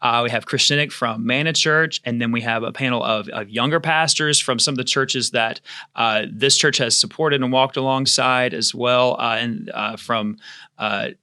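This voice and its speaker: A man hosting a relaxed church podcast, his voice bright and forward at an ordinary pitch. He talks in stops and starts, filling gaps with frequent fillers as he restarts his sentences. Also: moderate pace, clean tone. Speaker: podcast host. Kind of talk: casual podcast chat.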